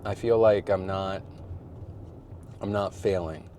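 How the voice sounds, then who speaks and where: A man's voice: deep voice, steady tone, takes it slowly, a little mellow, a little hiss or hum. A man in his forties talking casually and candidly to his vlog audience from a parked car, rambling, self-deprecating, laughing often and swearing freely. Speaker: vlogger. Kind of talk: casual personal vlog chat.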